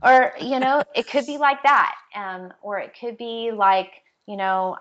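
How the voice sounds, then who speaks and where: A woman's voice: a little high, measured pace, muffled recording. A woman public speaking trainer, a podcast guest, talking earnestly in a casual style full of "like" and "you know". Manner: warm-hearted, earnest, lots of "like" and "you know" fillers. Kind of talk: casual conversational interview.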